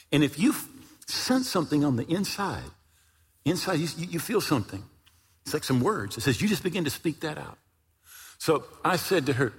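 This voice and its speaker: An older man preaching a sermon as a pastor, telling a story with animated delivery and bursts of shouting. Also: fairly high pitch, breathy edge. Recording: long hall reverb.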